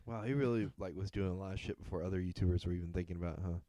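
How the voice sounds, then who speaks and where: A man's voice: deep voice, racing, mellow, no room sound. A man co-hosting a podcast in casual chat, easygoing and thinking aloud. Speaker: podcast co-host.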